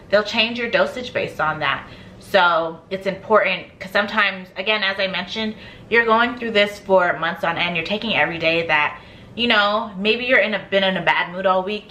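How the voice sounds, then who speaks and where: Woman vlogging about skincare, chatty, bright voice, faint noise in the back. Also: lowish voice. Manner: chatty, laughs often, acts out stories. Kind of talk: casual chat.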